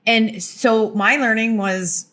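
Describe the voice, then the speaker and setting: A woman in her fifties, a company founder, talking openly as a podcast guest with expressive delivery. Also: on the high side, takes it slowly. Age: 50s. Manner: expressive, swooping intonation. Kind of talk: casual conversation.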